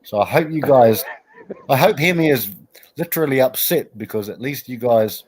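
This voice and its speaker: A man's voice: mid-range voice, lively intonation, normal speed, a little mellow. Laughing New man in his forties. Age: 40s. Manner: laughing, protesting, rambling anecdotes. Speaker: regular on a livestream chat. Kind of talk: casual group chat.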